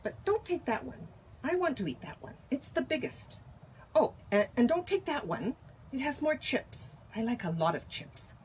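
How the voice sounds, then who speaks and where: Woman reader as wise storybook panda: gentle, unhurried, a little playful, lively pitch. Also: slight background noise. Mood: greedy fussing. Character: calm wise male giant panda.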